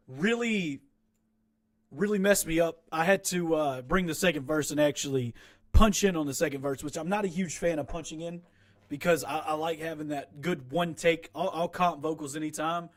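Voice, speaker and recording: This young man's voice is a little high and a bit bright. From his small home recording room he casually reviews his own rap track, rambling, frank and self-deprecating, and keeps starting over.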